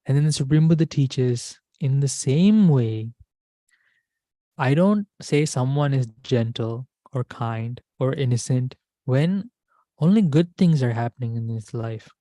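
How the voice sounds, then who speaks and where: A Dhamma school teacher tells a teaching story in a warm, mellow voice. The speaker repeats key words and puts questions to the listeners. The sound is close and dry. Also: medium pitch, lively intonation, a little slow, no room sound. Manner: repetitive, asks the class questions. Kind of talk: storytelling lesson.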